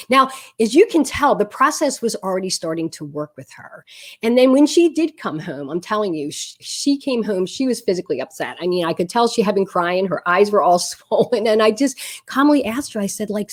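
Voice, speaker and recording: A middle-aged woman and parenting coach tells a story in an advice video, animated and laughing at her own tale. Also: mid-range voice, brisk.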